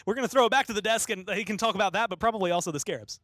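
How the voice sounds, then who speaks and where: High-voiced male pregame interviewer. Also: rapid-fire, fairly bright tone, no room sound. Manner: chatty, rambling questions.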